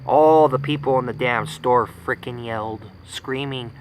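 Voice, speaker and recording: A vlogger in his thirties from the United States launches into an angry personal rant, his mid-range voice carrying at a moderate pace over background noise. He's indignant and profane, driving his points home through repetition.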